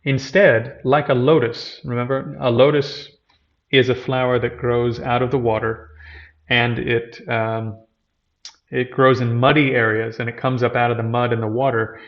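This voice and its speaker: A man's voice: medium pitch, flat delivery, moderate pace, muffled recording. A man giving a teaching talk, retelling an old scripture story and explaining its terms as he goes. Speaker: lecturer on Buddhism.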